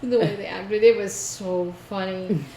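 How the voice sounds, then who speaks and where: A woman's voice: medium pitch, unhurried, crowd noise. Woman telling a story, echoey room. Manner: animated, laughing storyteller. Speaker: co-host. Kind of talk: casual storytelling chat. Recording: echoey room with faint noise.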